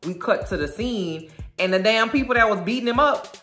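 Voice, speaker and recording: A woman casually recapping a show episode in an animated, slangy way, acting out the characters' lines. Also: fairly high pitch, a little fast. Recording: echoey room, faint music.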